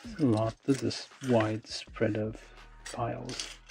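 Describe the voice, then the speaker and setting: Brief: gravelly-voiced man, slow and mumbling, streaming a model build with music underneath. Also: medium pitch, steady tone. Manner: mumbling, thinking aloud, many fillers. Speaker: model kit livestreamer. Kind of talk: casual talk while building. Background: background music.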